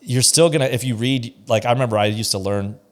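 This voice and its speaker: A man's voice: medium pitch, fast. A man who is a pastor, co-hosting a podcast and giving his views in an emphatic, opinionated way. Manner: opinionated, emphatic, acts out quoted voices. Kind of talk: casual podcast discussion.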